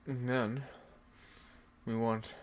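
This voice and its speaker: Giggly woman fake-sobbing, drawling slowly. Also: rumbling low, flat delivery, a little hiss or hum. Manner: giggly, fake sobbing and whining, breaking into laughter. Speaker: comedic vlogger. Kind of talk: casual comedic vlog.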